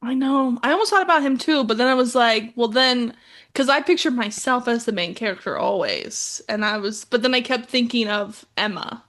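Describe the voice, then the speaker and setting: A young woman co-hosting a podcast, playfully chiming in with quick reactions during a book chat. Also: on the high side, expressive, fairly bright tone. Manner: playful, chimes in with quick reactions, says dude. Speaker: podcast co-host.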